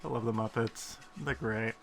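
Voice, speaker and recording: A man's voice: mid-range voice, steady tone, moderate pace, gravelly, a bit bright. A man casually commentating while playing a game, rambling and poking fun at himself. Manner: rambling, self-deprecating, with frequent fillers. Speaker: gaming video host.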